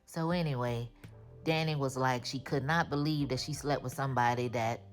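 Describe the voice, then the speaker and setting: A woman giving a casual, animated recap of a TV episode, full of slang and her own commentary. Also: rumbling low, normal speed, soft background music. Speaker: TV recap host.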